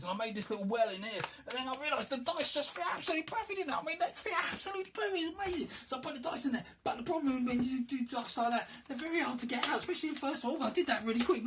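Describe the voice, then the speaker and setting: Man, rapid rambling chat, self-mocking show-and-tell, faint background noise. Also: very high-pitched. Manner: rambling, self-deprecating, thinks aloud. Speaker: hobbyist showing his handmade game box.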